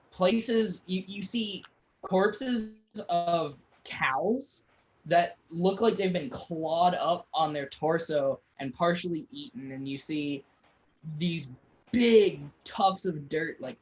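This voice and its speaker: A man narrating as game master in a tabletop game, describing scenes in a halting way. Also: a little high, a little hiss or hum, rough recording.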